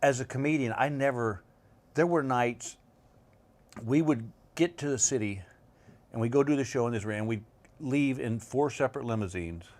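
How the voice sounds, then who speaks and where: A middle-aged man with an unhurried, drawling delivery, spinning long anecdotes as a talk-show guest. His voice sits at an ordinary male pitch, and he often stops and restarts his sentences. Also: darkish tone. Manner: drawling, rambling storyteller with restarts. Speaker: comedian guest. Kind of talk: casual chat. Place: bedroom set.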